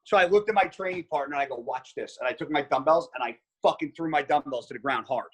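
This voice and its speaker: A male podcast guest, a pro bodybuilder, telling a gym story in a casual, animated way and swearing freely. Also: on the high side, quick pace, slightly rough.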